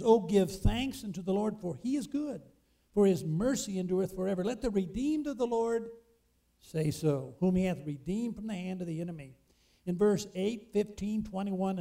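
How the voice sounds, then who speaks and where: High-voiced man preaching emphatically. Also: gravelly, mellow. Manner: emphatic, call-and-response questions to congregation. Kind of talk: sermon.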